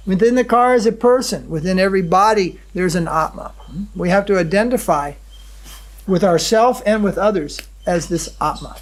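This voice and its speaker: Male spiritual teacher, high-pitched, halting devotional lecture delivery with audience check-ins. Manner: checks in with the audience with a questioning hum; unhurried, halting, with many fillers and restarts.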